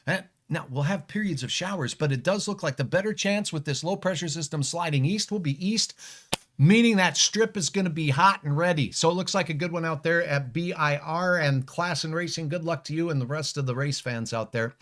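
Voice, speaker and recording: A man's voice: on the high side, brisk, a bit bright. Male weather forecaster, casual and joking, reads viewer comments.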